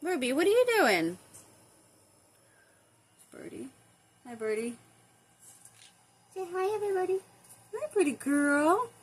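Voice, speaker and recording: A woman's voice: sits high, very animated, takes it slowly, pauses often. A woman talking baby talk to her pet birds, cooing and asking sing-song questions indoors by their cage. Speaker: pet owner.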